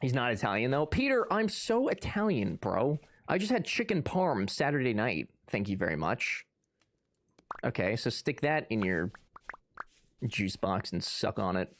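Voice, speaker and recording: A man's voice: mid-range voice, very animated, moderate pace. A man streaming live, chatting casually and answering his chat with sarcastic, joking banter.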